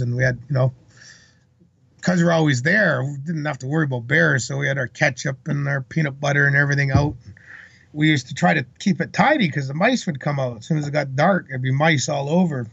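Gravelly man spinning a yarn. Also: a little high, a bit bright, dry recording. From British Columbia, Canada. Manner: rambling, salty anecdotal retelling. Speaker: interview guest. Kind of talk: casual storytelling. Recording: dull lo-fi recording.

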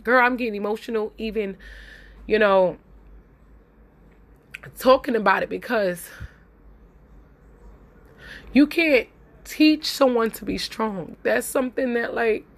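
A woman's voice: fairly high pitch, slow, long pauses. A young adult woman hosting a podcast, talking in a heartfelt, tearful way and repeating her phrases as she speaks. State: crying at times. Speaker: podcast host. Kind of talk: emotional podcast monologue.

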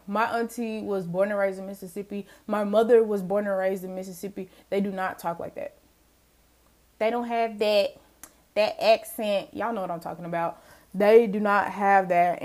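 A young woman hosting a casual solo podcast, talking in a chatty, emphatic way, often laughing and addressing her listeners as y'all. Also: medium pitch. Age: young adult. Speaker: podcast host.

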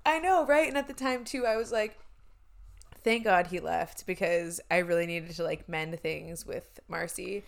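A woman's voice: lowish voice, normal speed, creaky, hardly any pauses. A young woman in her twenties telling a story in casual chat, swearing, laughing and using lots of fillers.

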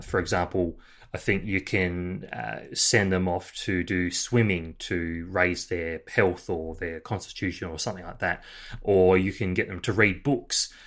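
A man's voice: sits low, a bit bright. A man hosting a casual game discussion, talking thoughtfully with many fillers and restarts.

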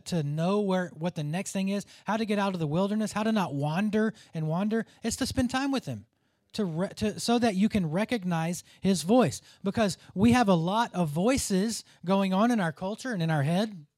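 A man's voice: sits high, moderate pace, darkish tone, no room sound, clean studio sound. A man preaching a conversational sermon, dropping to a near whisper at tender moments. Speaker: pastor.

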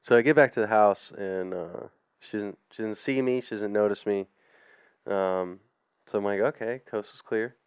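Man with a low, resonant voice, swearing freely as he rambles through a story on a podcast, recorded dry and dull. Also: moderate pace, clear, resonant tone, no echo. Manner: profane, rambling, laughs through his story. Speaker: podcast co-host. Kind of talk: casual storytelling chat.

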